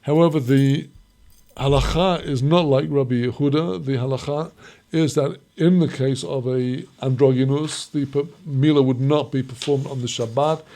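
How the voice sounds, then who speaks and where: A man teaching a recorded Mishnah lesson, reading short Hebrew phrases and explaining each one slowly in English. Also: mid-range voice, steady tone, warm tone. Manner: explains slowly, quotes Hebrew then translates. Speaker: Torah teacher.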